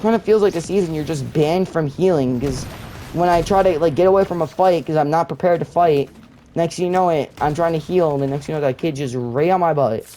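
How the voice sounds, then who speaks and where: A young gamer comments on his own gameplay, rambling and complaining with lots of fillers and restarts. His voice is on the high side with a dark tone and a slightly fast pace, and the rough recording carries faint game noise and gunfire behind him.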